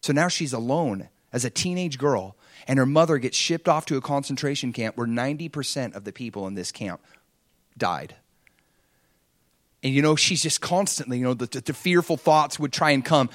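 A man's voice: mid-range voice, normal speed, no room sound, studio quality. A man preaching an earnest, conversational sermon, retelling a story and acting out the quotes.

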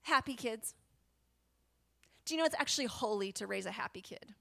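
High-pitched lady preaching, chatty and animated, whispers a lot, laughs a lot. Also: moderate pace, gravelly. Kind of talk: sermon.

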